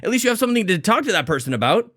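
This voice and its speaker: Chatty podcast host, a bit breathless. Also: male voice, sits high, very animated, very fast, bright, forceful tone, dry recording, studio quality. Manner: chatty, rambling, self-deprecating. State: a little out of breath. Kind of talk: energetic casual podcast intro.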